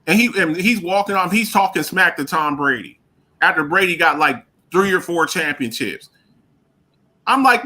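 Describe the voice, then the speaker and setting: A man on a talk radio show rants about sports in a casual, emphatic way. His voice sits high and swings widely, with a bright edge. He stumbles over repeated words and laughs as he goes. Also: moderate pace. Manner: animated, emphatic, repeats himself, laughs often.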